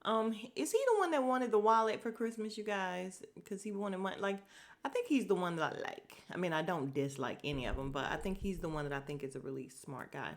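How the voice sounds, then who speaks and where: A woman's voice: on the low side, lively intonation, fairly quick. A woman hosts a casual podcast recap, talking straight to her listeners. She is blunt and opinionated, and she keeps slipping in sarcastic asides and exasperated remarks. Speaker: podcast host recapping a TV show. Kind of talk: casual chat.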